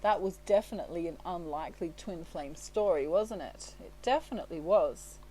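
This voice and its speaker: A woman's voice: lowish voice, moderate pace, warm tone, slight background noise, rough recording. A woman giving a casual, chatty tarot reading. She sounds reassuring, laughs often and keeps tagging her points with "right?" and "you know". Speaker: tarot reader.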